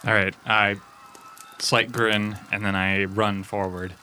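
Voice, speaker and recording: A man's voice: on the low side, little pitch movement, takes it slowly, bright, forceful tone, a little hiss or hum. A man playing a tabletop role-playing game, talking through his moves in a casual, thoughtful way. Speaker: player.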